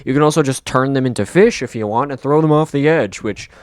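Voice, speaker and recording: A man's voice: medium pitch, brisk, no room sound, studio quality. A young man narrating a casual, joking game review voice-over in an upbeat, slangy way. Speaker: gaming video creator.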